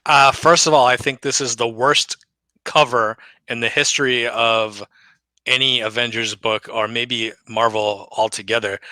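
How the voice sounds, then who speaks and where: A man co-hosting a casual comic book chat, halting with ums and restarts as he gives his opinions. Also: medium pitch, pushed and bright, no echo, rough recording. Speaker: comic podcast co-host.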